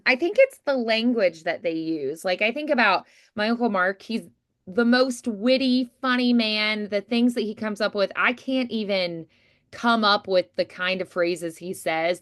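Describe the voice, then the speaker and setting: A woman's voice: mid-range voice, a little slow, a bit bright, dry recording, studio quality. A woman coaching a voiceover student in an encouraging, chatty way with many fillers. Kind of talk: coaching feedback, conversational.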